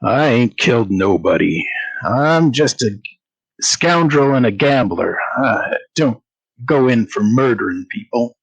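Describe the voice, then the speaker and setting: A man voicing a rough male gambler and scoundrel with a folksy, ungrammatical drawl. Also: medium pitch, very animated, normal speed, low-quality recording. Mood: dismissive.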